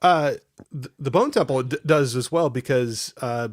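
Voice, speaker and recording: A man's voice: mid-range voice, normal speed, no room sound, studio quality. A man hosting a casual livestream chat, rambling, laughing often and reading viewers' chat messages aloud. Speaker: host.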